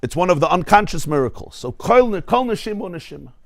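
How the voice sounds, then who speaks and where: A rabbi delivers a spirited Torah class, his voice sitting a bit high for a man and captured dry and close. He jumps between Hebrew terms and folksy stories, pressing his points with humor. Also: very animated, quick pace, creaky, no echo. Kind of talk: lively Torah class lecture. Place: study hall class before a live audience.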